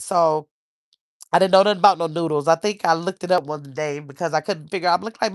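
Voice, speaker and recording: A woman's voice: on the low side, animated, fast, no room sound, studio quality. A middle-aged woman hosting a casual livestream, rambling and reading viewer comments aloud. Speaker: livestream host.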